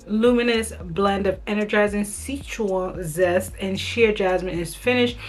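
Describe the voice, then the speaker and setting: A woman's voice: medium pitch, fairly bright tone. A woman beauty vlogger giving a casual, enthusiastic product review, chatting directly to her viewers.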